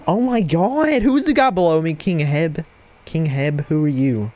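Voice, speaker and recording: A man giving live gameplay commentary at his computer desk at home, excitable and yelling at opponents in bursts, on a cheap mic with no windscreen. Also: on the high side, measured pace. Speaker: gaming channel host. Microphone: cheap headset mic without windscreen.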